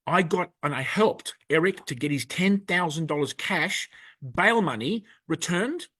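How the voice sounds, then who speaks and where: A man's voice: high-pitched, bright, forceful tone, no echo. An angry man delivering a rambling, emphatic monologue to camera. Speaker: video presenter.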